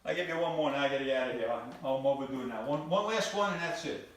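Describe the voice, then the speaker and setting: An older man telling stand-up jokes on a club stage, in deadpan storytelling with repeated phrases. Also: mid-range voice, fast talker. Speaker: stand-up comedian. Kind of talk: stand-up comedy routine. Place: comedy club stage before a live audience. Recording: very echoey room from a distant mic.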